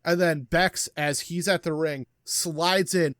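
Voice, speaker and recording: A man's voice: on the high side, slow, no room sound. Dry, close-miked male game master. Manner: relaxed, explanatory, with many fillers. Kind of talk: narrating a tabletop wrestling game.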